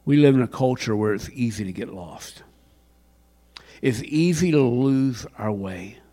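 An older man preaching a sermon, dropping to a hush and then rising to a shout. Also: mid-range voice, animated, unhurried. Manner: dramatic swings from hushed to shouting. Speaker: pastor. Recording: long hall reverb.

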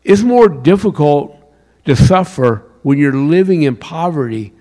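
A man with a Southern US accent from South Carolina, preaching a sermon with wide swings in pitch and loudness. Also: lively intonation, measured pace. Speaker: pastor.

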